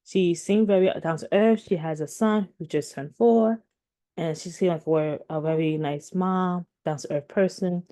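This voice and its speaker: A commentary vlogger in her thirties chats casually to her viewers, rambling with lots of restarts and fillers. Her voice is lowish and mellow, and she talks a little slowly.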